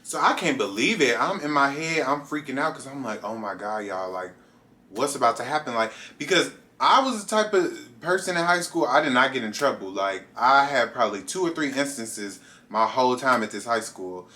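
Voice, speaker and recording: Bright-voiced young man telling a story. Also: moderate pace, few pauses. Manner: animated, jumps into high voices for quoted lines; talks straight to viewers. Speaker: vlogger. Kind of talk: casual storytime.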